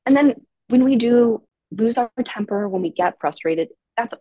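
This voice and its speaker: A woman giving parenting advice in a casual podcast chat, calm and explanatory, with many "like"s. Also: a little high, moderate pace, dry recording, phone-quality sound. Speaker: parenting educator guest.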